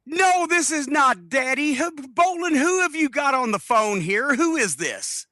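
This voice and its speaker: A man's voice: extremely high pitch, expressive, unhurried, bright, forceful tone, no echo, studio quality. A man hosting a comedy podcast, sounding exasperated and indignant as he argues back. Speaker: podcast host.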